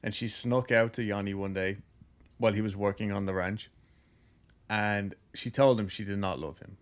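A man's voice: on the low side, fairly even intonation, moderate pace, clear, resonant tone. A man hosting a podcast, casually telling a ghost story with lots of jokes and filler words. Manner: loose, jokey, heavy use of "like".

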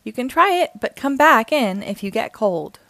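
A woman's voice: a little high, big pitch swings, moderate pace, vocal fry, fairly bright tone, no echo, exaggerated voice. Woman reading a caring tiger mom. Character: caring patient tiger mother. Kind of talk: storybook read-aloud.

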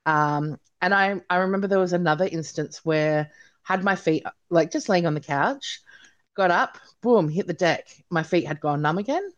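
This Australian woman in her thirties, appearing as an interview guest, chats animatedly about her story, full of "like" and "you know." Her voice is lowish, her pace moderate, and the audio sounds dull.

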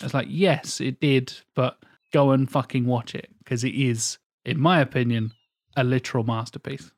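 A man in his thirties talks about films in casual, rambling podcast chat. He swears freely and gushes about what he loves. His voice sits at a middle pitch and sounds dry and close, with no room around it. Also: flat delivery, brisk, no echo. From England. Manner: enthusiastic, swears often, rambling. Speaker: podcast co-host. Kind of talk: casual film discussion.

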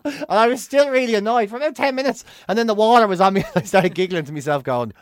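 Irish guy on a podcast, super lively voice, swears a lot, dry close sound. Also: high voice, quick pace, hardly any pauses, dry recording. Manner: animated storyteller, swears freely, acts out his own shouting. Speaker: podcast co-host. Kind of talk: casual chat.

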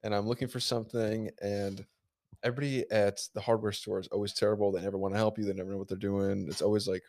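Young man telling stories, low voice. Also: fast. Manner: animated storyteller, swears freely, mimics people he quotes. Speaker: podcast host. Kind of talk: casual chat.

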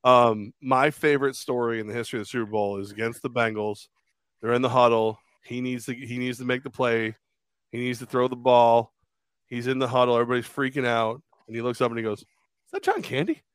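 A man's voice: mid-range voice, little pitch movement, a little fast, clear, resonant tone, dry recording. A man co-hosting a podcast in casual chat, rambling and crude as he tells stories and acts out quotes. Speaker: podcast co-host.

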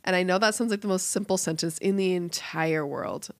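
A woman's voice: on the low side, fairly quick, no echo, studio quality. A woman co-hosting a parenting podcast, speaking in an earnest, reflective way. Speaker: podcast co-host. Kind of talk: casual chat.

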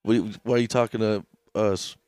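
A man's voice: fairly low pitch, fairly even intonation, fast talker, a little mellow, smooth, dry recording. A man co-hosting a comedy podcast, casual and crude, laughing often as he talks. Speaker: podcast co-host.

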